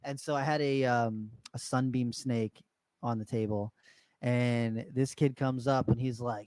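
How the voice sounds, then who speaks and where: A man co-hosting a podcast in casual chat, an animated storyteller who acts out the people in his stories. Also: medium pitch, brisk, clear, resonant tone, no echo. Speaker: podcast co-host.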